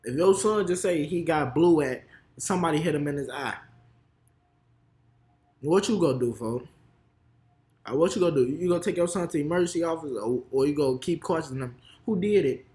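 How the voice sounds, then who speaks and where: A man's voice: a little high, a little fast, pauses often, dark tone. A young man with a Chicago accent giving heated, slang-heavy reaction commentary. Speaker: reaction video host.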